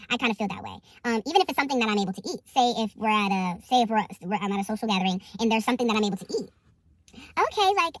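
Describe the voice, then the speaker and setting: A woman talks quickly and openly, in a slightly high voice, piling up fillers, restarts and repeated words for emphasis. Her rambling, frank monologue is recorded dry and close, with no room sound. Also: dry recording. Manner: animated asides and repetition for emphasis. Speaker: vlogger sharing a weight-loss update. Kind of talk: candid casual monologue.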